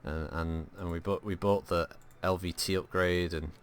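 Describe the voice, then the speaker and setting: A man's voice: low voice, steady tone, normal speed, smooth. A man giving live, joking gameplay commentary as a streamer, rambling, swearing and answering his chat. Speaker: gaming streamer.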